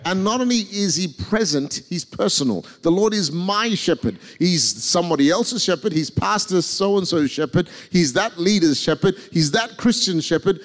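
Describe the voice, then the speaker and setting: A man's voice: high voice, animated, normal speed, few pauses. A man preaching a sermon as guest speaker, emphatic and leading the congregation in call and response. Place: large church hall with balcony. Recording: long church-hall reverb.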